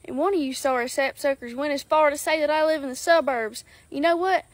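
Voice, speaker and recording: A woman's voice: high voice, brisk, dry recording. A woman from South Alabama with a Southern accent, ranting bluntly to her followers in a sassy, folksy way. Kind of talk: outspoken social media rant.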